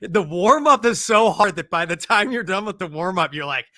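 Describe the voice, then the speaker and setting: A man's voice: high voice, animated, moderate pace, sharp tone, no room sound, studio quality. A man in casual podcast chat, chatty and laughing easily, often trailing off mid-sentence. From Texas. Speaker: podcast co-host.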